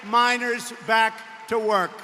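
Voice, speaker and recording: A man giving a boastful, repetitive rally speech full of mocking asides and sudden bursts of shouting. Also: very high-pitched, flat delivery, slow, background noise. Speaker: politician addressing a campaign rally. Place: large indoor arena rally. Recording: long arena reverb.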